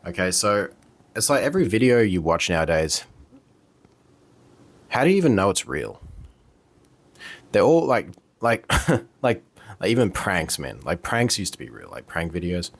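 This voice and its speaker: Low-voiced man ranting to camera. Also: fairly bright tone. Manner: heated, profane, repetitive, frequent fillers. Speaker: vlogger. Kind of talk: casual rant to camera. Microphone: camera mic.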